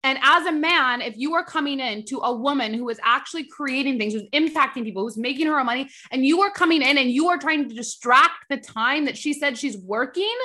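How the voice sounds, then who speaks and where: A woman's voice: sits high, brisk, hardly any pauses, bright, forceful tone. A young adult woman hosting a podcast, telling a personal story in a chatty, emphatic way, swearing freely and ranting when irritated. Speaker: podcast host. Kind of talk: casual storytelling monologue.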